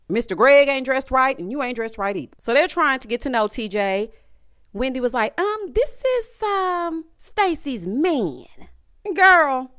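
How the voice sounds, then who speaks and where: Sassy animated woman recapping TV. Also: fairly high pitch, clear, resonant tone. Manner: sassy, animated, mimics cast members in quoted voices. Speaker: recap commentator. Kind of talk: casual reality-show recap commentary.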